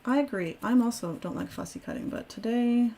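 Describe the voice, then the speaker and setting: A woman's voice: fairly high pitch, a little fast, gravelly, mellow. A woman hosting a live crafting stream, chatting casually and self-deprecatingly as she works aloud. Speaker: crafting host.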